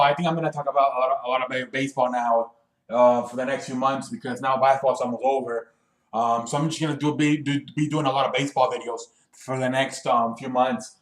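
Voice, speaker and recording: Young male sports vlogger, rambling and halting, slightly high voice, echoey room sound. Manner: rambling, many ums and restarts, swears casually. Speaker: sports video host. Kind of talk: casual solo sports talk.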